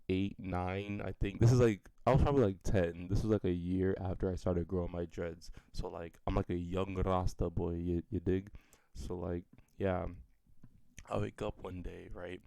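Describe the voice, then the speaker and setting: Deep-voiced young man rambling through a story. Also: gravelly, mellow. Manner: rambling, profane, full of "like" fillers. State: slightly sick, voice a bit off. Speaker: storyteller vlogger. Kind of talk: casual storytelling.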